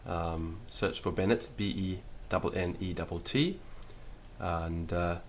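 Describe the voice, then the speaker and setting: A man teaching Latin in a lecture, deliberate and careful, sounding out syllables one by one. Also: sits low, slight background noise. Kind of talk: spoken lecture.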